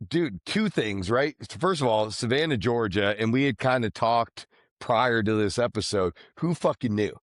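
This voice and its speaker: A man hosts a casual podcast conversation, animated and joking with plenty of profanity. His voice is mid-range at a moderate pace, recorded dry with clean studio sound.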